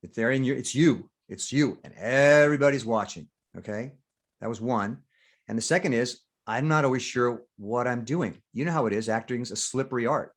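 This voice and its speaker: A man's voice: mid-range voice, normal speed. An older man, a veteran actor, talking candidly in an interview, acting out inner thoughts and swearing freely. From United States. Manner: animated, acts out inner voices, swears freely. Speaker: guest actor.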